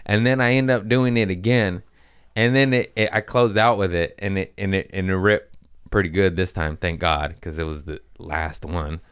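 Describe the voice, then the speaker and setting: A man's voice: fairly low pitch, steady tone, moderate pace, fairly bright tone, clear, resonant tone, no echo, clean studio sound. A man, a comedian, telling a casual, profane story, laughing often and acting out his own quotes.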